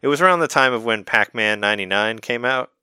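A man co-hosting a casual podcast, giving blunt opinions with quick laughs and stammered repeats. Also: medium pitch, lively intonation, sharp tone, smooth, dry recording, studio quality. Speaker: podcast co-host. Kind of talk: casual chat.

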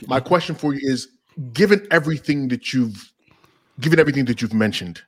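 Relaxed male podcast host. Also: medium pitch, fairly quick. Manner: relaxed, calls people man and bro. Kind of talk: casual podcast conversation.

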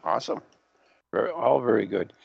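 A man with a deeply gravelly, husky voice chats in a lively way, his pitch swinging up and down. The sound is dry and dull, with no room around it. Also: brisk, dry recording. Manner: chatty, lively and affirming. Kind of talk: casual radio chat.

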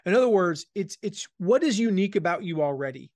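A man from the American South speaking as an author and guest in a conversational interview, energetic and emphatic, repeating his key phrases. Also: sits high, quick pace, dry recording. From Southern United States.

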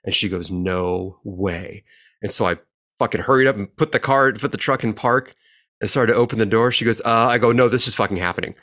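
A man in his forties telling a profane, animated story in a casual chat as a podcast co-host. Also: mid-range voice, fast talker. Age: 40s.

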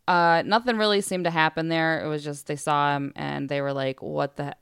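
A woman co-hosting a podcast, telling spooky stories in casual chat, animated, laughing often and acting out the voices in her stories. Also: sits low, a little fast, smooth, dry recording, clean studio sound. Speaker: podcast co-host.

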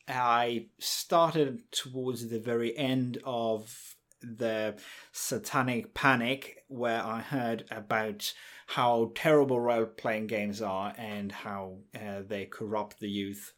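A man in his forties co-hosting a casual podcast and speaking in a measured, deliberate way as an experienced game master. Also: mid-range voice.

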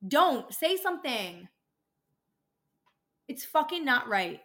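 A woman's voice: high voice, sing-song, takes it slowly, a bit bright. A young adult woman hosting a casual podcast, ranting and swearing freely as she gets worked up. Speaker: podcast host, dental office worker.

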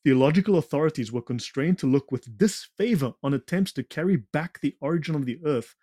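A man's voice: a little high, expressive, fairly quick, dark tone, dry recording. A man presenting slides in a conversation, talking in a digressive, lecture-like way with sarcastic asides. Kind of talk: lecture-style talk in a conversation.

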